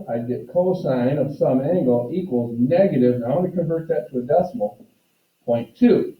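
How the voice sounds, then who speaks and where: A man's voice: mid-range voice, moderate pace. A male math teacher lectures to his class, walking through each step and speaking straight to the students. He is picked up from a distance in a roomy classroom, and the recording sounds dull and muffled. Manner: explains step by step, addresses students directly.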